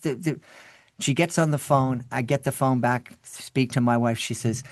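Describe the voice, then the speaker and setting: A man recounting an old story as a podcast guest, his mid-range voice swinging with animated energy. He restarts and repeats words as he goes. The sound is dry and close, with no room around it. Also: mid-range voice, normal speed, dry recording. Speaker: podcast guest, children's podcast creator. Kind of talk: storytelling in an interview.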